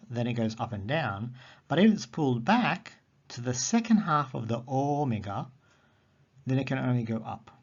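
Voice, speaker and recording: A man's voice: medium pitch, darkish tone, slightly rough. Man teaching a recorded grammar lesson. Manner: patient explaining, repeats words slowly. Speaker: Greek teacher. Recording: dull lo-fi audio.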